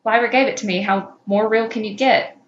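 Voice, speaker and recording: A woman voicing a young male captive creature devoted to his owner, speaking quietly and pleadingly, in an echoey room. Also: medium pitch, fairly even intonation, a little fast, highs cut off, close to an everyday voice. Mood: hurt. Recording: echoey room with faint noise.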